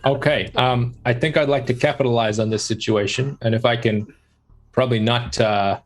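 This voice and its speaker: A man's voice: medium pitch, fairly even intonation, normal speed. Chill guy playing d&d, wry, jokes about his own luck. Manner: wry, self-mocking. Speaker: player. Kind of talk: casual tabletop play.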